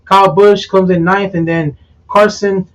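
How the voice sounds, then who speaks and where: A man hosting a casual sports talk show, reading race results with halting fillers and teasing his co-host. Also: sits high, level tone, fairly bright tone, distant mic, poor audio. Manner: teasing, reads lists with hesitant fillers.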